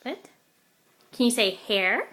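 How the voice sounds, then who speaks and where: A mother patiently coaxing her toddler to repeat words, saying each one slowly and clearly at home. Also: fairly high pitch, lively intonation, sharp tone. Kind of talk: coaching a toddler to speak at home.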